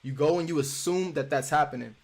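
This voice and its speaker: A man's voice: fairly high pitch, brisk, darkish tone. Casual man coaching cold calls. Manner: casual, repetitive, acts out sample phone calls. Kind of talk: live teaching session.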